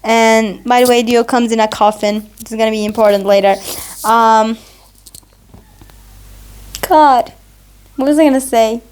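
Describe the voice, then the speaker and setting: A woman's voice: on the high side, fairly even intonation, measured pace, long pauses, darkish tone, smooth. A woman vlogger gushing about a show she loves, in a rambling, casual recap full of "like.".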